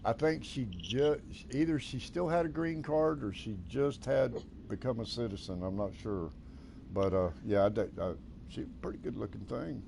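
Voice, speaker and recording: Gravelly older American man gaming. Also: medium pitch, a little mellow, a little hiss or hum. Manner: drawling, folksy, halting restarts. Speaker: gaming streamer. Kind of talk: casual chat while playing.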